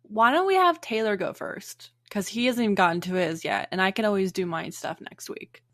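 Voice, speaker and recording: A woman's voice: mid-range voice, a little fast, fairly bright tone, no echo, studio quality. A woman co-hosting a podcast, telling a trip story in easygoing casual chat. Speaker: podcast co-host.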